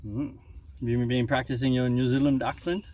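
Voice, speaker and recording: A man's voice: mid-range voice, little pitch movement, normal speed, a little mellow, a little hiss or hum. Casual Australian male host, easygoing and teasing, mid-range voice, recorded outdoors by a lake. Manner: joking, easygoing, frequent ums. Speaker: interviewer and waterski coach. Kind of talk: casual interview. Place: outdoors by a lake on a sunny day. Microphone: video camera on site.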